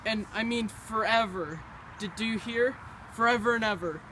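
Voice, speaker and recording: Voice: medium pitch, normal speed, pushed and bright, lightly acted. A performer playing a nervous young bride who stammers and pleads in an amateur stage play. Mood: pleading. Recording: noisy with traffic behind.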